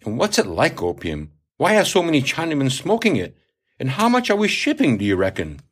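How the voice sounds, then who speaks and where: A man's voice: on the high side, wildly swooping pitch, fairly quick, breathy edge, voice pushed up, exaggerated voice. A man voicing an eager teenage sailor. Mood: curious. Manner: polite, eager questioning. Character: curious sixteen-year-old male sailor. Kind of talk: audiobook reading.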